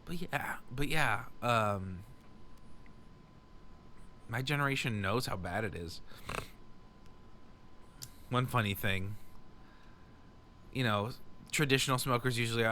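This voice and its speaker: Rambling, profane man with a bright voice. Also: medium pitch, slow, long pauses, slight background noise. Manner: rambling, profane, self-mocking. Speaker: podcast host. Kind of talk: casual solo podcast monologue. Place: home garage. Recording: bad mic cable, poor audio.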